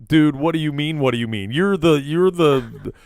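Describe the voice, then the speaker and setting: The host of a casual podcast, taped in a small studio inside a vape shop, rambles along with many fillers and restarts. His voice is on the high side, animated and moderately paced, captured dry at studio quality.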